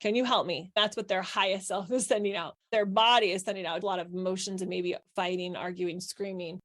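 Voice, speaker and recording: A woman's voice: mid-range voice, steady tone, a little fast, fairly bright tone. A middle-aged woman coaching parents in a live online workshop, asking the audience questions as she teaches.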